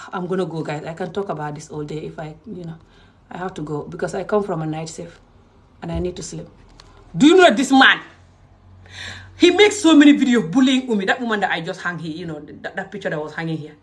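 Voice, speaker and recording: A woman's voice: on the low side, lively intonation, quick pace, a little mellow, distant mic. A woman from Gambia, talking straight to camera in a passionate, scolding rant. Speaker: vlogger.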